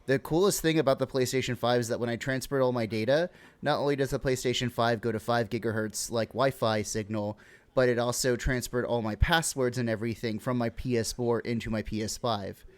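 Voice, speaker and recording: A man's voice: mid-range voice, fairly even intonation, fairly quick. A young man co-hosting a podcast, rambling in a laid-back way and swearing freely. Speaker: podcast co-host. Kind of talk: casual podcast chat.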